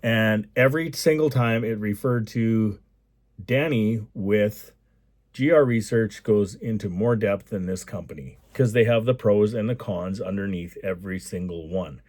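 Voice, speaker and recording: A man from Alberta, Canada, talks through a casual vlog in a low, rambling voice, full of repeated enthusiastic asides. His voice is recorded close and dry, with no room sound. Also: a little slow, darkish tone, no echo. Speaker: construction company owner.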